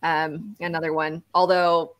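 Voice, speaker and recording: A woman's voice: low voice, little pitch movement, a little slow. A woman in a casual online book club discussion, talking with animation, laughing often and restarting her sentences.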